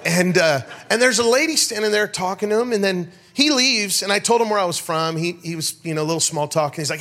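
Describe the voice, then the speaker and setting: A middle-aged pastor giving a sermon, telling stories in an animated way and calling out to his congregation. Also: sits high, brisk, hardly any pauses. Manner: animated storyteller, rhetorical calls to the crowd. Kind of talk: sermon with storytelling.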